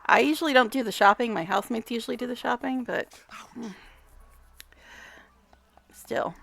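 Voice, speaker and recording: A woman's voice: on the high side, quick pace, vocal fry, fairly bright tone. A woman giving casual gameplay commentary, chatty, talking to the game characters, swearing and laughing often. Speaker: gamer vlogger.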